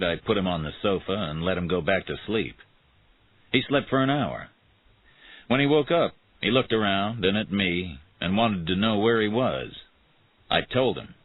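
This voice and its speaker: Deep, husky male storyteller. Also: no room sound. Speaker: narrator. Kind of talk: scripted narration of a graded reader. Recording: tinny phone-like sound.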